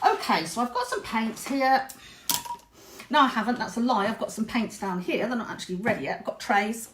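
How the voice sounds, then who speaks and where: A woman's voice: a little high, animated, a little fast, background noise. A middle-aged woman leading a live-streamed craft workshop from her home studio, chatting, rambling and joking at her own expense. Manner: chatty, self-mocking, rambling jokes. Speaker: textile art teacher.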